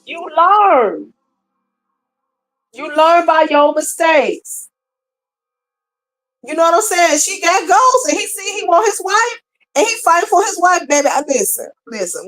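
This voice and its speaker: A middle-aged woman, commenting casually on a live stream and talking straight to her viewers in an animated way. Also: high voice, poor audio.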